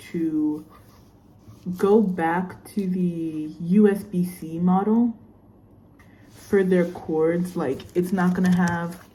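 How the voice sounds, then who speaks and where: A woman's voice: on the low side, mellow, a little hiss or hum. A young woman vlogging casually as a student, chatty and rambling with lots of fillers while she unboxes a laptop. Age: young adult. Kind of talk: casual unboxing vlog chat.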